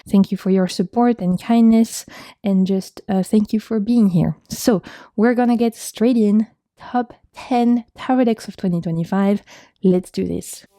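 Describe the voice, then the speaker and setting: A woman's voice: medium pitch, dry recording. A young woman with a French accent, chatting casually as she reviews her favorite tarot decks in a vlog. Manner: chatty, warm thanks, frequent laughs. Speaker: tarot video creator.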